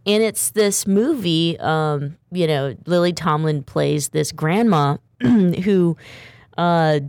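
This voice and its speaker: A woman's voice: deep voice, slow, a little mellow, smooth, no echo, studio quality. A woman hosting a talk show in a chatty, rambling way. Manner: chatty, rambling, laughs often. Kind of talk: casual chat.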